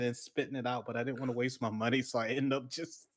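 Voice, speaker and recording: A man's voice: mid-range voice, little pitch movement, fast talker. A man hosting a casual podcast, telling crude stories animatedly with sudden yelps. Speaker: podcast host. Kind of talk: casual chat.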